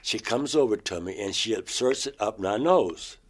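A man recounting a personal experience in an interview, in a halting, emotional way. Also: on the low side, expressive.

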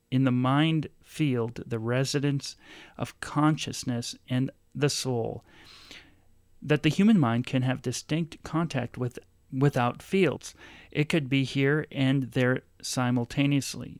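Male host, measured reader, mid-pitched voice, dry studio sound. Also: no echo. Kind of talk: interview questions and reading from a book.

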